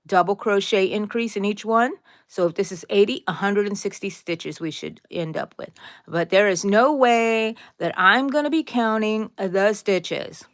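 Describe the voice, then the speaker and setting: A woman's voice: medium pitch, no echo, studio quality. A middle-aged woman hosting a casual live crochet tutorial, chatting, drifting into side stories, and answering viewers by name.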